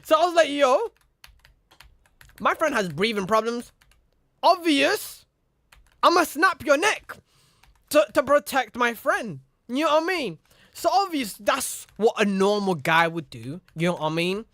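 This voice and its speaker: A man's voice: very high voice, expressive, moderate pace, fairly bright tone, no echo. A young man casually telling a rambling story, repeating "you know what I mean" and acting out the people in it. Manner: acts out the other people in his story. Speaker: streamer.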